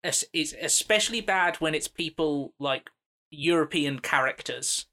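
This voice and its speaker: A man on a podcast talks through a small gripe, pausing hesitantly and keeping it mild. His voice is bright and sharp, and sits a little high. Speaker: podcast co-host. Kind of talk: casual chat.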